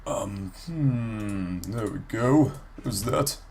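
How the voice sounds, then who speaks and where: A man's voice: lowish voice, expressive, extremely slow, a little mellow, slight background noise. A sick man with a congested, nasal voice gives rambling, casual gameplay commentary for his let's play, full of ums and restarts.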